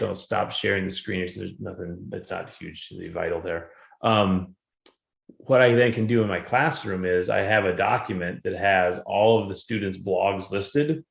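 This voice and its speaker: A man's voice: low voice, creaky. A man who teaches giving a conversational conference presentation about how his classes use their textbook. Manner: conversational, animated when retelling anecdotes. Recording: roomy echo.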